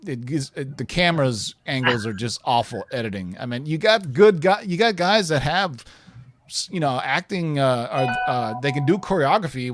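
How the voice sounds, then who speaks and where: A man's voice: mid-range voice, no room sound. A man co-hosting a casual live stream, reading viewer questions and rambling with self-corrections and chuckles.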